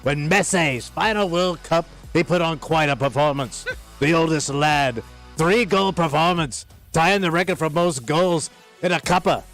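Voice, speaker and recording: A man's voice: fairly high pitch, unhurried, soft background music. A man putting on a muddled foreign soccer pundit. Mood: mock-earnest. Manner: jokey, deadpan bluster. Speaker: radio co-host.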